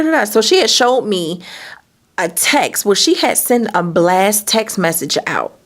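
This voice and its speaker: A woman telling a candid, animated personal story in a vlog, swearing freely. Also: lowish voice. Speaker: business owner and vlogger.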